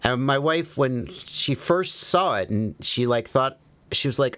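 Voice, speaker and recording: A man hosting a livestream, chatting casually and telling stories, his pitch leaping up when he acts out a thought. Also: normal speed, dry recording. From American South. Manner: animated storyteller, jumps high on quoted asides. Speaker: livestream host.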